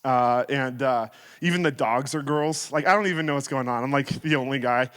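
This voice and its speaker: A man in his thirties giving a sermon as guest speaker, telling stories in a playful, animated way. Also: mid-range voice, a little fast, clear, resonant tone. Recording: reverberant hall.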